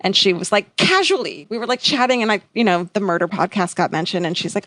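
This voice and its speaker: A young woman from California chats on a podcast. Her voice swings widely in pitch as she tells a story, and it often drops into a fry. The sound is dry and close to the mic. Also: quick pace, no room sound. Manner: animated storytelling with big pitch jumps for quoted voices; slides into vocal fry. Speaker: podcast co-host. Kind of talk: casual chat.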